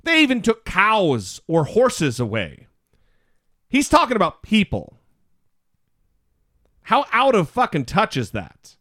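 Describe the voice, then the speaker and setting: A man's voice: high voice, wildly swooping pitch, takes it slowly, long pauses, sharp tone, no room sound, studio quality. A man co-hosting a podcast, giving casual political commentary in a sarcastic way and swearing often. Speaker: podcast co-host.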